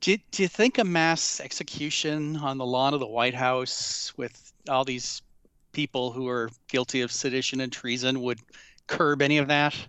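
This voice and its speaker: Podcast co-host, male, smooth resonant voice, deadpan wry chatter, dry sound. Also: medium pitch, normal speed, no room sound. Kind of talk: casual chat.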